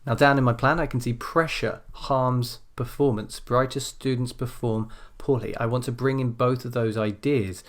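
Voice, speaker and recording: A man teaching an essay-writing lesson, calmly explaining and stressing key phrases as he types. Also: mid-range voice, moderate pace, hardly any pauses. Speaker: language teacher.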